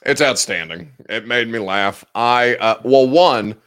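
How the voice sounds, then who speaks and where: Hosting a sports talk show from his office, a man in his late twenties reads out viewer comments and talks with them casually, candidly and bluntly, tending to ramble. His medium-pitched voice has a fairly bright tone, and he speaks a little slowly.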